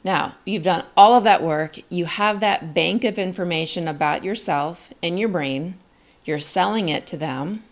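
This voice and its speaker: Looking into the camera, a middle-aged woman gives a coaching lesson on job interviews, upbeat, emphatic and encouraging. She speaks a little slowly in a fairly low voice.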